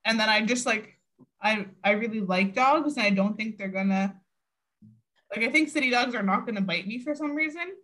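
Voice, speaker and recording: Storytelling woman podcast host, higher voice. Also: normal speed. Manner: storytelling, animated quoting. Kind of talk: casual chat and scripted sign-off.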